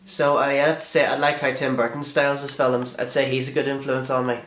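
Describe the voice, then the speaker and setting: A man's voice: mid-range voice, little pitch movement, fast, a bit bright, roomy sound. A young man, chatting and swearing freely as he answers viewer questions in a casual vlog. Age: young adult. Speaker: video blogger.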